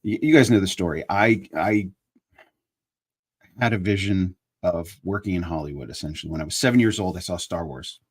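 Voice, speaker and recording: Husky low-voiced man, earnest live chat. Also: a little fast. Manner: earnest and emphatic, building into preaching. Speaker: online show host. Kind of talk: casual live chat with religious reflection.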